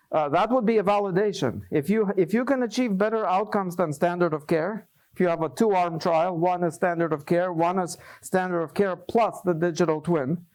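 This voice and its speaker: A man's voice: sits high, darkish tone. A man presenting at a scientific workshop, answering questions thoughtfully with frequent restarts and repeated words.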